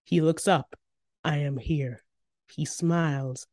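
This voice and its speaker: A woman narrating a first-person story in an expressive, tense reading. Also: sits low, takes it slowly, dry recording, clean studio sound.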